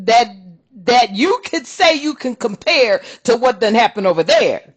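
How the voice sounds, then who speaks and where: A woman's voice: on the high side, animated, normal speed, fairly bright tone. A woman hosting a spiritual card-reading channel, ranting bluntly and profanely while reading cards.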